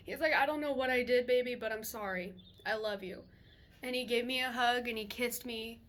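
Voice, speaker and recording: A young woman vlogger telling a personal story in a chatty, animated way, swearing freely and laughing as she goes. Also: fairly high pitch, normal speed. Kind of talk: casual storytelling to camera.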